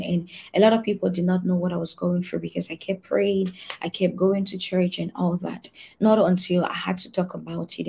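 With a fairly low, husky voice and some vocal fry, a female pastor delivers heartfelt prophetic testimony and prayer. Key phrases recur as she swings from quiet murmuring to loud, shouted prayer.

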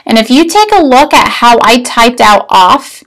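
A woman teacher walks through a spelling rule at an unhurried pace, with a slightly high voice. She repeats each step patiently and keeps checking that her listeners are following along. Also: very animated, a bit bright, low-quality recording. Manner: patient step-by-step explaining, checks in with "all right?". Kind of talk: recorded spelling lesson.

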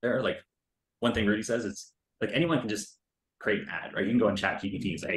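A man's voice: lowish voice, fairly quick, pauses often, a bit bright, echoey room. A man reviewing a recorded sales call in casual commentary, loose and chatty, full of filler words and the odd swear.

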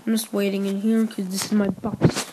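Heavy background noise surrounds this young woman's casual commentary on her gameplay for her channel. She speaks at normal speed in a medium pitch, repeats herself as she rambles, and bursts into sudden excited shouts.

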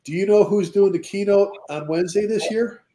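Fire service veteran, animated storyteller, relaxed mellow voice. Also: male voice, sits high, brisk. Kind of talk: casual chat.

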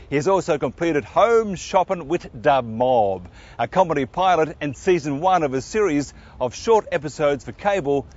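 A male TV interviewer with a New Jersey accent, reading a guest introduction in smooth, measured presenter style. His voice sits a touch high for a man. The audio is a little dull. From New Jersey, USA. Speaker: TV interview host. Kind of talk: scripted introduction and interview questions.

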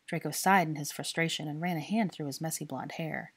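A woman reading fan fiction aloud in a steady storytelling manner. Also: sits low, brisk, few pauses, husky. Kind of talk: scripted narration.

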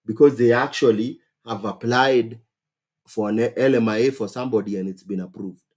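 A man with a Kenyan accent hosts a casual advice stream, his voice husky and a little rough around the edges. He talks in bursts, exclaiming and circling back to repeat key phrases for emphasis, sitting at an ordinary middle pitch for a man. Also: normal speed, darkish tone. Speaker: host.

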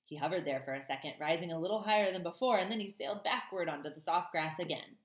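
A woman's voice: lowish voice, animated, quick pace, echoey room. A woman teacher reading a children's novel aloud to her class and chatting to them, with a chatty manner and frequent ums. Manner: warm, chatty, many ums.

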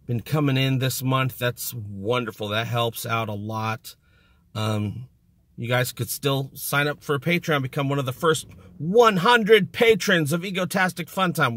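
A man's voice: mid-range voice, a bit bright, no echo, clean studio sound. A man hosting his own channel, talking casually to the camera in a rambling, self-mocking, jokey way. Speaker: YouTube channel host. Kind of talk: casual vlog talk to camera.

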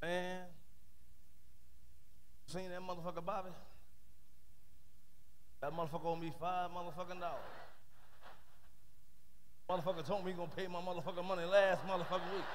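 A man's voice: high voice, little pitch movement, moderate pace, pauses often, a little hiss or hum, pitched below the performer's own voice, natural voice. A man playing a fed-up man griping about an unpaid debt, packing nearly every phrase with profanity. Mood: aggrieved.

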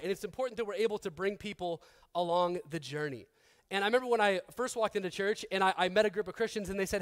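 A man in his thirties preaching a sermon as pastor, conversational and joking, with restarts, who acts out quoted people in a softer, lower voice. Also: quick pace, smooth.

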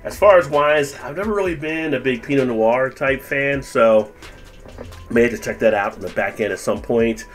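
A laid-back man talks through a cheese tasting for his video channel, chatty and unhurried. He sometimes speaks with a full mouth, and his voice sits in a middle pitch. Faint music plays in the background. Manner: relaxed, chatty, tastes and comments with full mouth. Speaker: food and beer reviewer. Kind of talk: casual video review.

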